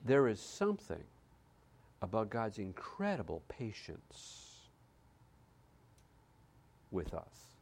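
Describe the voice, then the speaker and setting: A man preaching a sermon, reading scripture with dramatic swings between loud declaration and hushed quiet. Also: fairly low pitch, huge pitch swings, slow pace, long pauses, slightly rough. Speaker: pastor.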